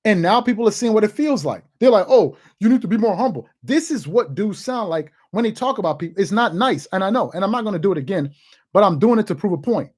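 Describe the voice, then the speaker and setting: A woman's voice: mid-range voice, expressive, quick pace, darkish tone, breathy edge. Woman sports host ranting her takes, voice jumps around a lot, repeats herself to hammer it home. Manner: emphatic, argumentative, repeats points for stress. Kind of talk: sports opinion commentary.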